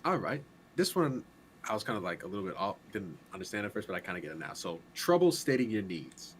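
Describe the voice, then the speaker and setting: A man with a fairly low voice chatting on a talk show. He explains things calmly and works through everyday examples. Faint noise sits under his voice. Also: fast, rough recording. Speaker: podcast co-host. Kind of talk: casual chat.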